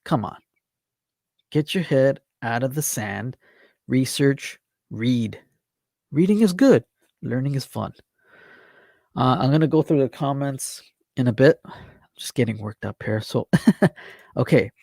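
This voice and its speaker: A man's voice: mid-range voice, a little slow, gravelly, long pauses, darkish tone, no room sound, clean studio sound. A man hosting an online talk show, reading news articles aloud and scolding doubters in a worked-up, exasperated rant.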